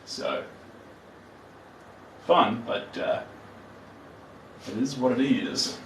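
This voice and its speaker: A man's voice: medium pitch, very slow, a bit bright, echoey room, recorded from a distance, slight background noise, rough recording. Chatty Kiwi man painting live. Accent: New Zealand. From New Zealand. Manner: chatty, playful, talks to viewers while working. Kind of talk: live-stream chat while painting.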